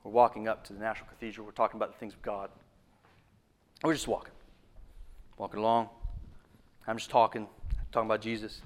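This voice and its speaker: A man preaching a sermon, repeating phrases for emphasis and often dropping to a low, hushed voice. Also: flat delivery, fast talker, pauses often.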